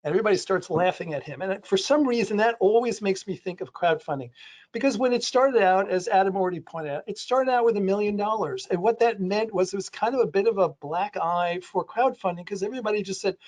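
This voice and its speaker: High-voiced guy rambling on a panel, lots of um and you know. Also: fairly quick, a little mellow. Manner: rambling, many restarts and fillers; does playful voices for quotes. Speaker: panelist on a real estate crowdfunding webinar. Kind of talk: conversational panel talk.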